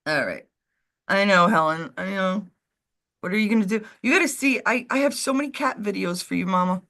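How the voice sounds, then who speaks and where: A woman's voice: mid-range voice, fairly quick, a bit bright. A woman co-hosting a live stream, chatting casually and rambling while she calls her dog over. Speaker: co-host of a live show.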